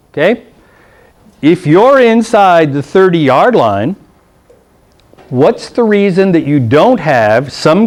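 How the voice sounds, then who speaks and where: A middle-aged man teaching a rules class to football officials, blunt and joking, checking in with "okay?" and acting out the people in his stories. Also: a little high. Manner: acts out coaches' lines in funny voices. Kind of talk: classroom rules lecture with anecdotes. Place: meeting room.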